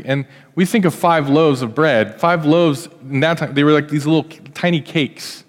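A man preaching a sermon in a church, telling the story in a conversational, animated way and acting out the quotes. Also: a little high, moderate pace, hardly any pauses. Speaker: pastor. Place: church hall. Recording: echoey church hall.

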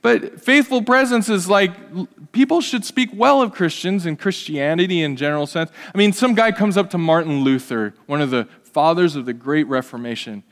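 A man preaching a conversational sermon as pastor, animated, with humorous asides. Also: high-pitched, moderate pace, big-room sound.

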